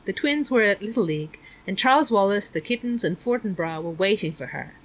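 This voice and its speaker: A woman reads a story aloud as an audiobook narrator. Her voice sits at a middle pitch, and her delivery is measured and even. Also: poor audio.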